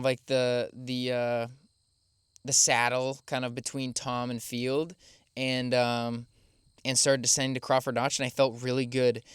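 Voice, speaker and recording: A man's voice: medium pitch, a bit bright, clean tone, no room sound, clean studio sound. A young man telling a long race story in a casual, chatty way, full of fillers, with laughs at his own expense. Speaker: podcast host recounting his race.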